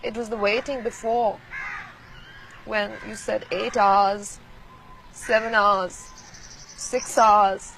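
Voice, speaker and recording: A woman from Pakistan recalling events in an archival interview, speaking in a quiet, measured, reflective way. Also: mid-range voice, fairly even intonation, slight background noise, poor audio.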